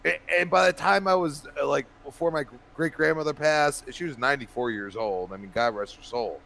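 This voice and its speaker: A man's voice: on the high side, brisk, creaky. Man telling rambling family stories. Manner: rambling animated storyteller, many restarts and laughs. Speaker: podcast co-host. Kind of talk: casual chat.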